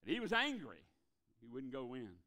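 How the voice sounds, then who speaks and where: A man preaching a revival sermon in a church, folksy, calling for amens and dropping to a hush to stress a point. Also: mid-range voice, wildly swooping pitch, normal speed. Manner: folksy, calls for amens, drops to a hush for emphasis.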